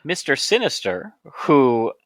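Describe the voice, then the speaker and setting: Male physician co-host, bright and forceful tone, dry close sound, steady explainer. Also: medium pitch, takes it slowly, dry recording. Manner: steady, explanatory, playfully leads the topic. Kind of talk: casual podcast chat.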